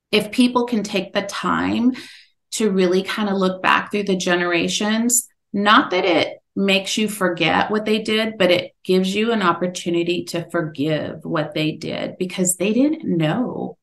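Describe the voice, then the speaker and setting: Middle-aged woman, guest, lowish voice, earnest storytelling, animated when quoting. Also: gravelly. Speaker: podcast guest, author. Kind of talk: personal storytelling in an interview.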